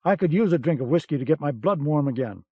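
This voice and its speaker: A man's voice: a little high, animated, fast talker, slightly rough, no room sound. A man reading an audiobook, voicing a blunt and skeptical American officer in a dull cassette-era recording. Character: brash, gruff American officer.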